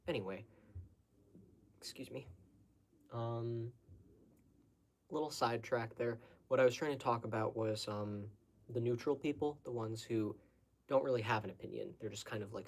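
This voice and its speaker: A man's voice: fairly low pitch, steady tone, moderate pace, long pauses, a little mellow. A man speaking unscripted to his viewers in a blunt, lecturing way, urging them to think for themselves. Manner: blunt, lecturing, exhorting the listener. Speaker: host answering audience questions. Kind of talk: unscripted monologue.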